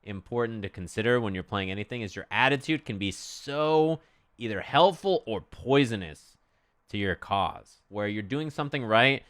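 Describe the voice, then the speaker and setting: Bright, crisp-voiced male streamer. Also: on the low side, normal speed. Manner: animated, swears freely, acts out quotes. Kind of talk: casual stream chat.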